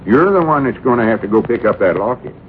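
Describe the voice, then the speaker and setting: An actor playing a slow-talking, easily embarrassed country storekeeper with a drawl, in 1940s radio comedy. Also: male voice, medium pitch, animated, slight background noise, close to an everyday voice. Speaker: general store keeper. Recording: tinny old radio broadcast recording.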